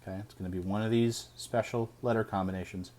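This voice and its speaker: A man teaching a phonics lesson, sounding out each word slowly and deliberately. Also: on the low side, fairly even intonation, a little mellow. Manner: slow, deliberate sounding out of words.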